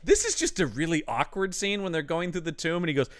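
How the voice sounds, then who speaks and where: A man's voice: on the high side, sing-song, fast talker, no room sound, studio quality. A man co-hosting a casual comedy podcast about old movies, acting out scenes in silly voices. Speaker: podcast co-host.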